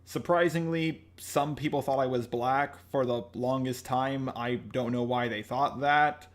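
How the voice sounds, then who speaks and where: Man, commentator, unscripted response video; earnest, measured delivery. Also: mid-range voice, fairly bright tone. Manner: earnest, measured, explaining himself. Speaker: YouTube commentator.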